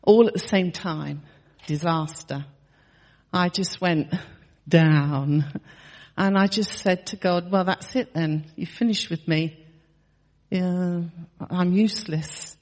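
A woman's voice: lowish voice, takes it slowly, a little mellow, long reverb tail. A woman in her sixties telling a personal testimony in a chatty storytelling way, laughing often and restarting her sentences. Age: 60s. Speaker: church member sharing testimony.

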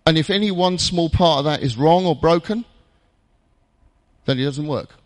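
A man preaching a jokey, conversational sermon in a church, with dramatic pauses. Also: fairly high pitch, big-room sound.

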